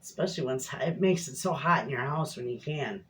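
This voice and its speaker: A woman's voice: a bass voice, fast talker, a bit bright, slight background noise. A middle-aged woman chatting casually to viewers in her home kitchen, a rambling, folksy storyteller. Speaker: homestead cooking vlogger.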